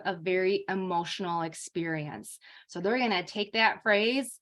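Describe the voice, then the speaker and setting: A woman's voice: medium pitch, measured pace, fairly bright tone. A young adult woman giving an informal lecture as a speech therapist, talking casually with many fillers.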